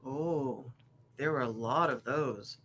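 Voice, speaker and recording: A woman tells a lively anecdote as a guest, chatty and animated. There is a faint noise underneath her voice. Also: very deep voice, slow pace. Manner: chatty, lively, laughing now and then. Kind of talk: casual storytelling.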